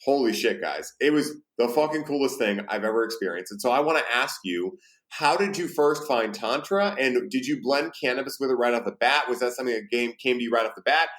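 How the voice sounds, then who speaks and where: A male podcast host talking fast in a loose, chatty way. His voice sits at an ordinary middle pitch, and he drops casual swears as he talks with his guest. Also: fairly bright tone. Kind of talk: casual interview chat.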